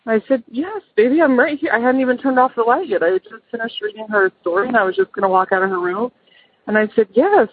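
A woman's voice: medium pitch, fairly even intonation, fast, breathy edge, no room sound. A middle-aged mother calling in to tell a personal ghost story, hesitant, with many ums and restarts. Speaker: caller. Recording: phone line.

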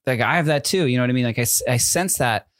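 A man's voice: mid-range voice, quick pace, a bit bright, dry recording, studio quality. A young man in casual chat, rambling with many restarts and constant "like" and "you know what I mean". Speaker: podcast co-host and father of infant twins.

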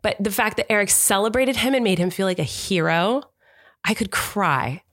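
A woman's voice: mid-range voice, fairly quick. A woman co-hosting a podcast, telling a family story in a rambling, affectionate, teasing way. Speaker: podcast co-host. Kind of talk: casual storytelling chat.

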